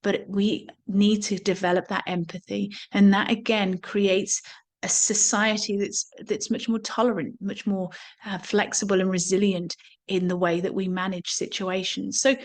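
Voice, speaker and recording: A woman gives a reflective talk on somatic awareness, her voice sitting at an ordinary middle pitch. She speaks earnestly and doubles back on words now and then as she gathers her thoughts. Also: moderate pace. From England. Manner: earnest, repeats words while thinking. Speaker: somatics teacher.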